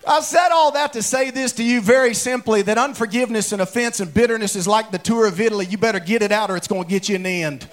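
Preaching in a church sanctuary before his congregation, a male pastor with a high voice talks quickly with hardly any pauses. His humorous sermon is full of folksy, animated comic storytelling that bursts into shouts.

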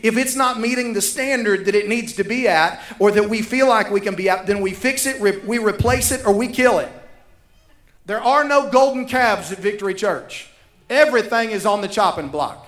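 High-voiced pastor preaching. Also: male voice, moderate pace, a bit bright, reverberant. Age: 30s. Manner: emphatic, repeats key lines for effect. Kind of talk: sermon.

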